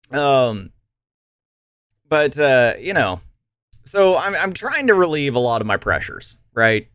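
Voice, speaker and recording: A man's voice: medium pitch, big pitch swings, very slow, pauses often, a bit bright, no echo, studio quality. A young man streaming live, chatting casually to his viewers, rambling and swearing freely with frequent laughs and restarts. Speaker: livestreamer.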